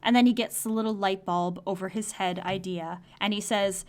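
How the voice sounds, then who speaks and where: A woman's voice: mid-range voice, steady tone, normal speed, hardly any pauses. A woman co-hosting a podcast, animatedly recapping a comic in casual chat and laughing often. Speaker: podcast co-host.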